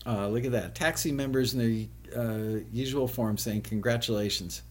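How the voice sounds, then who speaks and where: A man with a medium-pitched voice hosts a live web show, chatting casually with viewers. He laughs often and spells things out slowly.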